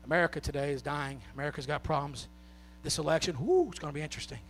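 Gravelly Southern preacher, shouting then soft. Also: male voice, rapid-fire, slight background noise. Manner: shouting and half-singing at peaks, dropping soft and low. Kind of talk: sermon.

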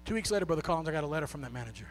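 A man preaching a sermon with a Southern US accent, swinging from shouted, half-sung peaks down to soft, low talk. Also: expressive, very fast, a little hiss or hum.

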